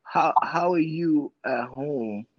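High-voiced teasing man, lo-fi. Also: slow pace, no room sound. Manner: teasing, slangy, laughs at his co-host. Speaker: podcast co-host. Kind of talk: casual podcast chat. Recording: dull lo-fi sound.

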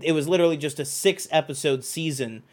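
A man co-hosting a podcast, talking in a rambling, animated way with plenty of fillers and restarts. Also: fairly high pitch, fast. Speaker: podcast co-host. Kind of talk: casual chat.

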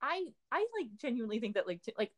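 A woman's voice: a little high, big pitch swings, fast talker, a crowd in the background. Young female co-host, casual, rambling delivery full of fillers. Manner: rambling, filler-heavy, says "like" constantly. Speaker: podcast co-host. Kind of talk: casual chat.

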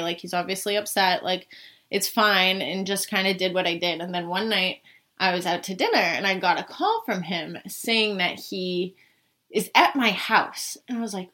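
Her voice is fairly low yet bright and forceful as this young woman from around Boston shares a personal story. She keeps it casual, leaning on "like" constantly and cursing occasionally.

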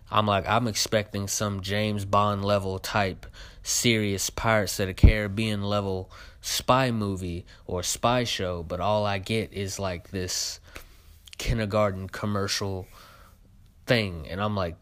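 A man's voice: on the low side, fairly even intonation, measured pace, fairly bright tone, no echo. A young man hosting his own show, giving a casual spoken review of a trailer, full of fillers and heated complaints.

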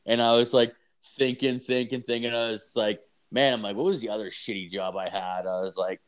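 A man's voice: mid-range voice, a little fast, hardly any pauses. A young man with an ordinary mid-range voice rambles through a crude anecdote. He swears constantly and stacks fillers as he goes. The tone is loose, casual storytelling between friends. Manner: profane, rambling, animated storyteller.

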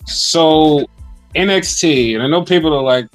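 A man's voice: a little high, a little slow, faint music behind. A man co-hosting a podcast, chatting casually and animatedly about wrestling, swearing often and acting out rants. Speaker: podcast co-host.

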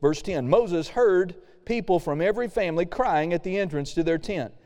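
A man's voice: high-pitched, expressive, moderate pace, a little mellow. Man preaching in a reverberant hall. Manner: casual preaching with reading aloud and acted-out quotes. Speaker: pastor. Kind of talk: sermon.

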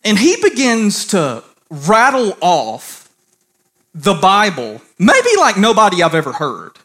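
A pastor preaches to a congregation. The voice sweeps widely up and down, and the words come slowly and deliberately. The manner is animated storytelling that turns into fervent preaching. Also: medium pitch. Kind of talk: sermon.

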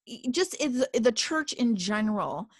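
A woman's voice: fairly high pitch, expressive, moderate pace, no room sound. A woman hosting a podcast, sincere and affirming as she talks. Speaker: podcast host. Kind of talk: candid podcast conversation.

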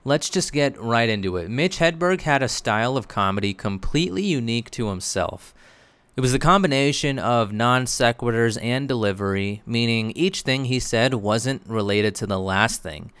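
A man giving scripted narration for a video essay in a measured, explanatory way. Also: medium pitch, expressive, a bit bright, clear, resonant tone, dry recording.

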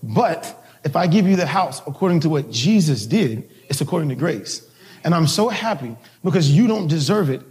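A man's voice: fairly high pitch, animated, moderate pace, a little mellow. A male pastor telling a personal story in a sermon, casual and laughing, with many restarts. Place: church service.

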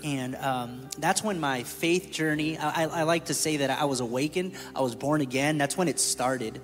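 A man tells his story of faith from a church stage, candid and conversational, with a slightly high voice. His words ring through a large hall with long reverb, and soft music plays underneath. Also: moderate pace, few pauses. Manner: candid, storytelling, jokes with the room. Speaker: church staff speaker. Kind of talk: testimony sermon. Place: church sanctuary.

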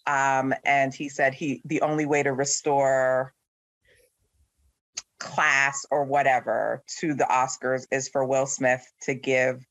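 A man's voice: mid-range voice, flat delivery, takes it slowly, a bit bright, no echo. A man in his thirties hosting a casual chat with friends, opinionated and sarcastic as he tells things with animation. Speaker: podcast host.

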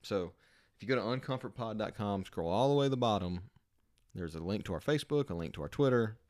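Man, very low voice, casual podcast banter, swears a lot. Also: expressive, quick pace, darkish tone. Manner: profane, joking. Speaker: podcast co-host. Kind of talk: casual chat.

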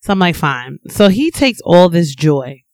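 A woman co-hosting a casual podcast, her voice swinging widely in pitch as she tells an animated story. She laughs often and acts out what people said. The recording is dry and close. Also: unhurried, no echo. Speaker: podcast co-host.

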